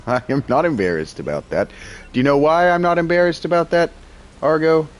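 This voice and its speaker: A man in his thirties, chatty and excitable, talking to a game character in-character as he plays and sometimes yelling in bursts. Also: fairly high pitch, moderate pace, long pauses. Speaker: gaming streamer roleplaying his character. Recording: music playing behind.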